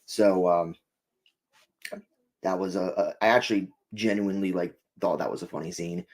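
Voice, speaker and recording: A man's voice: deep voice, steady tone, moderate pace. A man co-hosting a casual show review, upbeat and rambling, laughing often. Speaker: podcast co-host.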